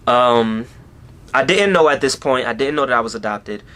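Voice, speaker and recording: A man's voice: mid-range voice, animated, moderate pace, a bit bright. A young man talking through a personal story on his vlog, rambling along with plenty of "you know" and "like" in a casual way. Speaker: YouTuber.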